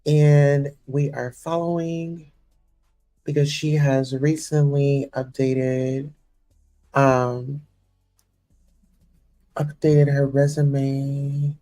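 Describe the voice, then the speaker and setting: A woman's voice: rumbling low, little pitch movement, very slow, long pauses, mellow, soft background music. A young woman hosting a casual livestream chat, effusive and gushing, full of "you know" and "listen here.". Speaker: host.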